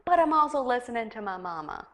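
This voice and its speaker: A woman's voice: fairly high pitch, big pitch swings, quick pace, a bit bright, pitched above the performer's own voice. Woman putting on a drawling Southern country man. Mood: sheepish. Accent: Southern US (put on). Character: closeted rural Southern man torn up inside.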